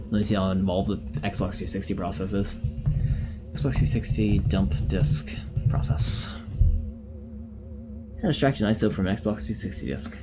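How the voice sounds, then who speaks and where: A man chatting casually on a live stream, answering viewers in a rambling, easygoing way with plenty of fillers. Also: fairly low pitch.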